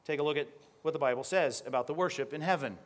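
A male pastor preaching a sermon, lively and teaching, often putting questions to the congregation. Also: on the high side, quick pace.

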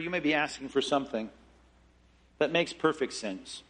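A man preaching a sermon, acting out quoted prayers and lines from scripture with lively shifts in voice. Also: normal speed. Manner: expressive, acts out scripture quotes with shifting pitch and pace. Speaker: pastor.

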